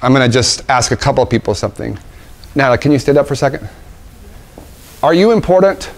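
Fast and gravelly, with medium pitch and lively intonation, a male obstetrician gives young parents an emphatic motivational talk in a conference room with an audience, full of repetition and rhetorical questions.

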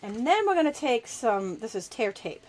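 In a live crafting lesson, a woman speaks at a moderate pace with a high-leaning, sing-song voice of darkish tone, talking as she works with her hands. The host is chatty and self-deprecating, laughing often, and the recording is rough.

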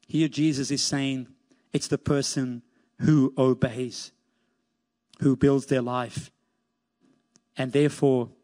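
A man's voice: mid-range voice, warm tone. Emphatic male pastor in a reverberant church. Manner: emphatic preaching, repeating key phrases, rising on scripture quotes. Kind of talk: sermon. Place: church sanctuary.

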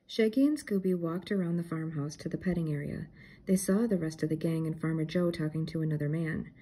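An older woman reading a children's mystery book aloud in a steady storytelling manner. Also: deep voice, a little fast, husky, low-quality recording. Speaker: storybook reader.

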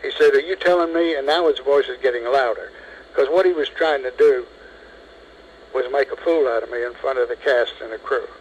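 A man in his seventies, interviewed over the telephone, telling a long story in a lively way and acting out what others said. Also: medium pitch, brisk, highs cut off, a little hiss or hum. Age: 70s. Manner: lively storyteller, acts out quoted speech.

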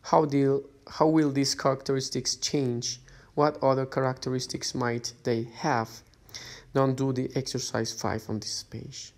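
A man's voice: mid-range voice, level tone, a little slow, vocal fry. A male English teacher talks through a list of workbook exercises in a plain, patient voice. He reads each instruction aloud and keeps checking in with a rising "okay?" as he moves from page to page. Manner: guides students step by step, often checks with a rising "okay?". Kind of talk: recorded lesson instructions.

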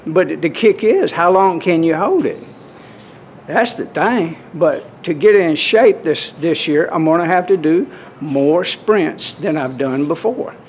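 A man's voice: on the high side, expressive, measured pace, a little hiss or hum. A man, chatting casually to camera in a folksy, rambling way at a swimming pool. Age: 60s. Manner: rambling, folksy, restarts often. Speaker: vlogger.

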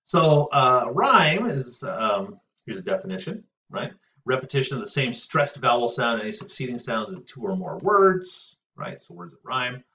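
A man teaching a recorded poetry lesson in a casual, thinking-aloud way, often pausing with fillers and checking in with "right?". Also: mid-range voice, very animated, bright, forceful tone. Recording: distant, muffled lo-fi audio.

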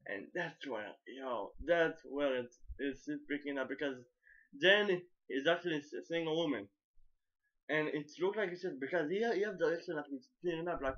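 A fairly high-voiced man talks through an anime episode in a loose, unscripted recap. He stumbles and repeats words often and swears casually. The recording is dull and lo-fi. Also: a bit bright. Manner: halting, with many repeats and stumbles; casual and profane. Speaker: anime reviewer.

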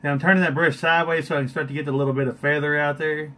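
A man jokes his way through a live makeup session. He is teasing and boastful. His voice sits fairly high and sounds bright. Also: level tone, racing, slight background noise. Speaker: guest makeup artist on a live stream. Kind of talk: joking live-stream banter.

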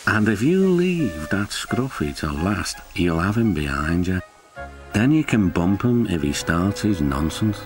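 A man's voice: deep voice, sing-song, measured pace, pitched below the performer's own voice. A loyal little brake van speaks with formal, respectful manners, as a man puts him on. Music plays behind the storybook reading. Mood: scheming.

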